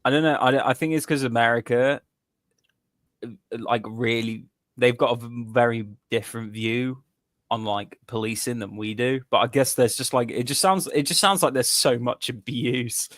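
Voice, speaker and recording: Casting: male co-host from Britain, mid-pitched, lively storyteller, dry close mic. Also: moderate pace, dry recording. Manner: animated storytelling, swears, laughs mid-sentence. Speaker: podcast co-host. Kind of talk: casual chat.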